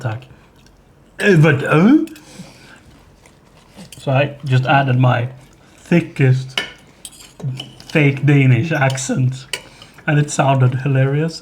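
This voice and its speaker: Slow-talking man cooking on stream. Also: mid-range voice, a little mellow, a little hiss or hum. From Sweden. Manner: slow, thoughtful, chuckling often. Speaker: livestream host. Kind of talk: casual chat while cooking. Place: home kitchen. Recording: kitchen clatter behind the voice.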